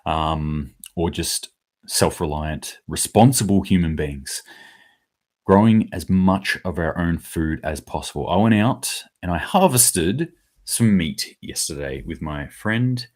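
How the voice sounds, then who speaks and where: A man's voice: low-pitched, animated, slow pace, darkish tone. A man hosting his own daily preparedness commentary, talking casually and bluntly, rambling a little and swearing now and then. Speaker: host of a daily preparedness news show.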